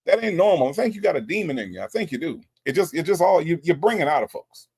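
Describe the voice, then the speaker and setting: A male host reacts to radio clips with incredulous, mocking commentary. His voice is fairly high and swings widely in pitch. It has a gravelly, creaky edge. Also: big pitch swings, fast, darkish tone.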